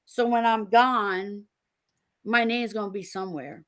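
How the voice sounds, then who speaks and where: A middle-aged woman, a guest author on a podcast, tells stories in a lively, laughing way and acts out the people she quotes. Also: medium pitch, measured pace. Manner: animated, laughing storyteller acting out quotes. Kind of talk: casual interview storytelling.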